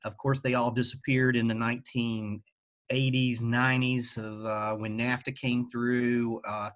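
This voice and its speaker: A man with a Southern Appalachian accent answering interview questions at a halting pace, with lots of fillers. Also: mid-range voice, level tone. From western North Carolina. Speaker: guest, teacher.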